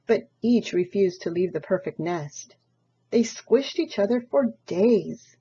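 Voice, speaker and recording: A woman reads a children's picture book aloud, slow and full of lively pitch swings. Her voice is mellow and a little husky. The recording sounds dull and lo-fi. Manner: expressive, slow storytelling. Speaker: storybook reader. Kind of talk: children's story read-aloud.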